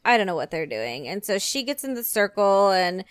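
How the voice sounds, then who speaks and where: A middle-aged woman telling a story in casual chat, animated and swearing while she acts out her own outbursts. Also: mid-range voice, normal speed, smooth, dry recording, clean studio sound.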